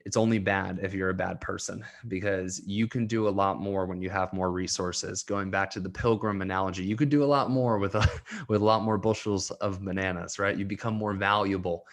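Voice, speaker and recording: A young man with a deep, steady voice hosts his own podcast at a brisk pace. He's also a coach, and he speaks earnestly, growing emotional and at times laughing through tears.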